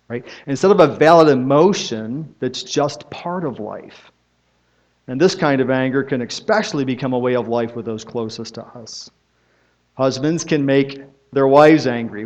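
A middle-aged man, a pastor, preaching a sermon in a conversational storytelling way, often asking his listeners "right?". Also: mid-range voice. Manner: conversational storytelling, frequent tag questions. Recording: dull lo-fi sermon recording.

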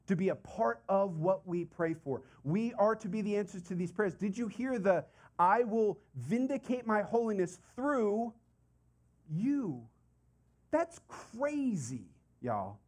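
Male pastor, middle-aged, slightly high voice, chatty animated sermon delivery. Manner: conversational, animated preaching with asides.

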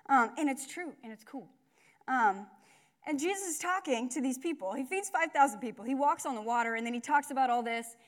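A young woman gives a relaxed, chatty sermon, full of fillers, asides and quick self-corrections. Her voice sits high. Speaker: speaker at a church gathering. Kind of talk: casual sermon.

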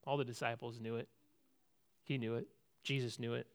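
A man preaching a sermon, telling a Bible story with big swings between loud and hushed, often repeating words and restarting sentences. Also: mid-range voice, level tone, moderate pace, clean tone. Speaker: pastor.

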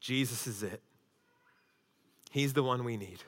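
A man preaching a sermon as pastor, swinging between loud emphasis and hushed intensity. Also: medium pitch, unhurried, pauses often. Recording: long hall reverb.

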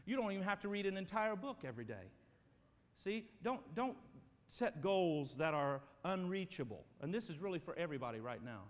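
A man preaching a sermon as pastor, emphatic and swinging between loud and quiet passages, speaking to his church. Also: high voice, very animated, a little fast. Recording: long reverb of a church hall.

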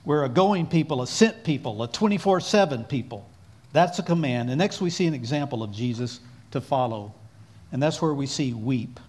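A man's voice: mid-range voice, lively intonation, normal speed, darkish tone, husky. A man preaching a sermon in an earnest, exhorting way, calling on his listeners to repeat lines after him.

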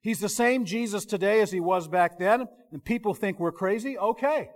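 A man preaching in a notably high, bright-sounding voice. He talks to the congregation like a friend, stumbling over restarts and pulling his voice down low when he wants a point to land. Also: normal speed. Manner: conversational, self-interrupting, drops to quiet emphasis. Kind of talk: sermon.

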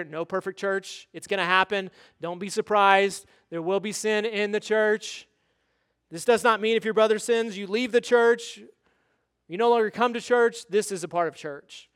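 A man preaching a sermon, pressing his points hard and then dropping to quiet, low asides. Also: clear, resonant tone. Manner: emphatic preaching that swings from loud urging to quiet, low asides. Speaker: pastor.

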